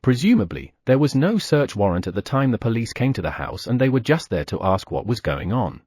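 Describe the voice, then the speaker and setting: Husky, expressive male audiobook narrator. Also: mid-range voice, brisk, no echo, clean studio sound. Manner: first-person, expressive.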